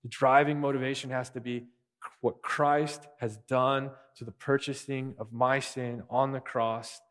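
A man's voice: medium pitch, level tone, unhurried, a bit bright. A man preaching a sermon as pastor, earnest and repeating key phrases for emphasis. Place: church sanctuary. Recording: long reverb of a large hall.

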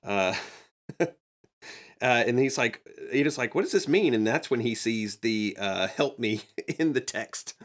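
A man co-hosting a podcast, chatting casually and thoughtfully, often pausing with fillers. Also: medium pitch. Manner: thoughtful, hesitant with frequent fillers. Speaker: podcast co-host. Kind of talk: casual chat.

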